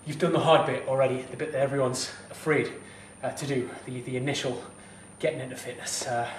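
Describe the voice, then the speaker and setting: A man's voice: mid-range voice, steady tone, brisk, echoey room, distant mic, a little hiss or hum. A fitness instructor talking straight to camera, heated and blunt, swearing as he gives advice. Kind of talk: direct-to-camera advice vlog.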